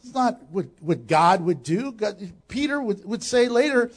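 A man preaching a sermon as pastor, animated and joking, acting out quotes as he goes. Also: high voice, a little slow.

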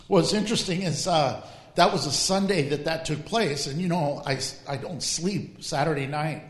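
A man preaching as a pastor in a lively, humorous way, drawing out emphatic phrases. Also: on the high side, a little slow. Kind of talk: sermon. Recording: echoey hall.

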